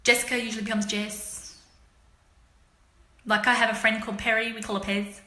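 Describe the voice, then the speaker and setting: A woman's voice: fairly high pitch, flat delivery, brisk, bright, forceful tone, echoey room. A middle-aged Australian woman chatting casually on a live stream, explaining local slang to viewers with laughs. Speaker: author hosting a live stream.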